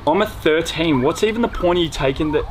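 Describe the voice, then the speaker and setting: A man's voice: a little high, expressive, fast, slight background noise. A man with an Australian accent in a comedy sketch, weary and exasperated, swearing often. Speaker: tradesman in a sketch.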